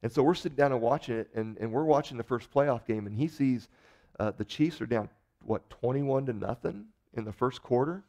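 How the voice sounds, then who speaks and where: A male pastor preaching a sermon in a conversational, animated storytelling way, acting out the people in his stories. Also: mid-range voice, fairly quick.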